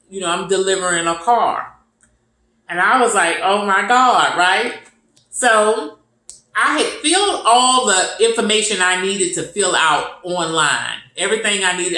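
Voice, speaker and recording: A woman's voice: medium pitch, bright, forceful tone, reverberant, low-quality recording. A woman casually telling a personal faith testimony, acting out the conversations she had. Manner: retells conversations in quoted voices, repetitive and earnest. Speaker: storyteller sharing a testimony.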